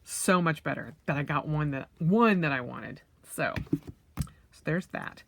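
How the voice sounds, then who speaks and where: A woman around forty talks through a casual unboxing at an unhurried pace, her voice a touch lower than most. She thinks aloud with plenty of fillers and breaks into excited squeals. A faint hiss of noise sits under the recording. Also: gravelly. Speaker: vlogger.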